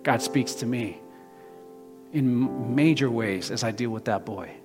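A man in his thirties preaching a sermon, talking conversationally with frequent restarts and building to loud, emphatic passages. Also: medium pitch, a little slow. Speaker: pastor. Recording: long hall reverb with faint guitar.

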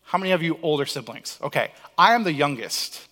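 A young man from Cape Cod preaching a sermon as pastor, telling lively stories and acting out the lines he quotes. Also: on the high side, a little fast. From Cape Cod, Massachusetts. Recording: long hall reverb.

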